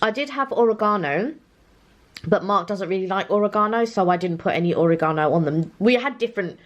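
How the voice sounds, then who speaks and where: A woman's voice: mid-range voice, animated, a little fast. A woman chatting casually at home while eating and showing off afternoon tea. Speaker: vlog co-host. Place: home dining room.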